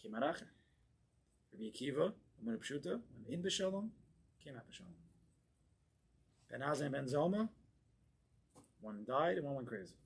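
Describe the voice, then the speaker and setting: A man, a rabbi, giving an impassioned Torah class in a congregation hall, moving between quiet asides and forceful exclamations. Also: on the high side, lively intonation, moderate pace, vocal fry, long pauses, a little hiss or hum. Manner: fervent and emphatic, swings from hushed asides to forceful exclamations.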